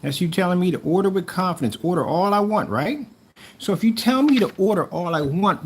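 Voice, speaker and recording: A man's voice: a little high, very animated, fast talker, breathy edge. A man delivering a mocking, repetitive callout rant against a rival seller. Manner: taunting, mocking, repeats himself. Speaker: YouTuber calling out a rival seller.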